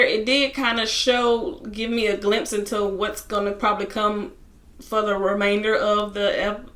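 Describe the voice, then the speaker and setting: Bright-voiced woman recapping reality TV. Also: mid-range voice. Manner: chatty storytelling, lots of "like" and asides. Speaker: TV reality show reviewer. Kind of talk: casual recap vlog.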